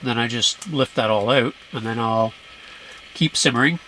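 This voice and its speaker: Guy at camp calmly explaining his cooking, mid pitch, noise around him. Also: normal speed, poor audio. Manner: explanatory, easygoing. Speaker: camping companion. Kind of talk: casual chat. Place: winter camp tent.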